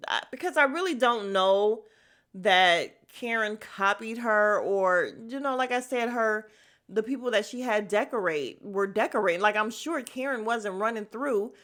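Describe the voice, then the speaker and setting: A woman's voice: mid-range voice, measured pace, a bit bright. Blunt, chatty woman recapping reality TV. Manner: chatty, blunt, slangy, laughs often. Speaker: podcast host.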